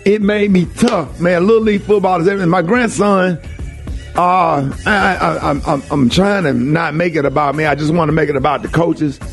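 Older guy on a morning show, high voice, preachy and fired up, repeats himself a lot, faint music behind. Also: fairly even intonation, fairly quick, gravelly. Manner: emphatic and preachy, repeats phrases for emphasis. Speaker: radio show host. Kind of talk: impassioned morning-show monologue.

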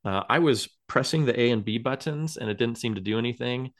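A man's voice: mid-range voice, a little fast. Casual rambling podcast co-host, man. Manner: rambling, hesitant, with many fillers and chuckles. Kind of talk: casual chat.

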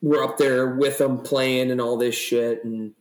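This young podcast co-host has a mid-range voice and an unhurried pace as he rambles, curses and tells animated stories in a casual conversation. The recording has an echoey room sound.

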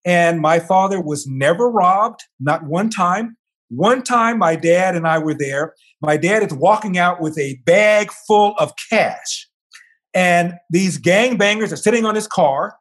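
An older man, the guest in an interview, tells a long personal story with lively energy. He acts out what the people in it say, and his voice sits a little higher than most men's. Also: measured pace.

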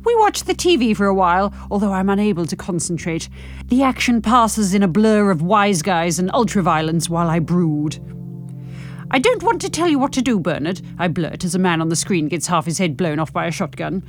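A woman reading her own novel aloud with expressive, animated narration and frank humour. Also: fairly low pitch, fairly quick, faint music behind.

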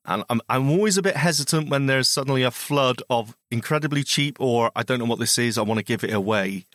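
Co-hosting a podcast, this man keeps the chat casual, teasing his partner and laughing a lot. His voice is medium-pitched, fairly bright and fairly quick, captured in clean studio sound with no room echo.

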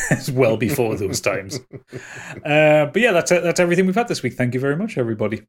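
A man's voice: mid-range voice, big pitch swings, a little fast. A man co-hosting a casual gaming podcast, with wry, playfully exaggerated remarks. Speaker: podcast co-host. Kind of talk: casual chat.

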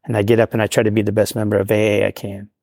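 Man, podcast guest, rapid earnest storytelling, dry sound. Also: on the low side, monotone, creaky, darkish tone, dry recording. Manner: earnest, keeps saying "right?". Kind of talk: personal storytelling.

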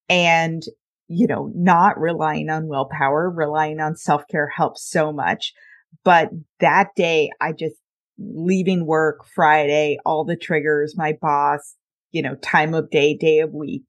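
A middle-aged woman hosting a podcast, speaking candidly, telling personal stories and laughing often. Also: deep voice. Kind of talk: casual conversational interview.

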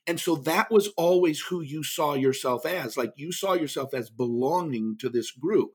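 Husky middle-aged storyteller man. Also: fairly high pitch, moderate pace, hardly any pauses. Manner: animated storyteller, acts out quoted voices. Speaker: guest speaker and author. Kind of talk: storytelling interview answer.

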